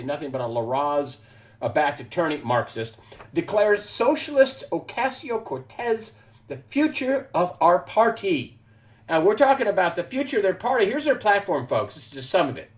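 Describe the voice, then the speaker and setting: A man hosting a weekly news wrap-up, giving emphatic, combative political commentary and calling his listeners "folks.". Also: on the high side. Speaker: host of a weekly news show.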